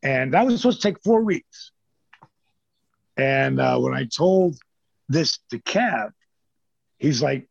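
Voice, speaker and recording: A middle-aged man, a former pro wrestler, telling stories as an interview guest in a lively, casual way and swearing freely. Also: medium pitch, moderate pace, gravelly, pauses often, husky, no room sound. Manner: animated storyteller who acts out quotes, swears freely. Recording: dull lo-fi dry sound.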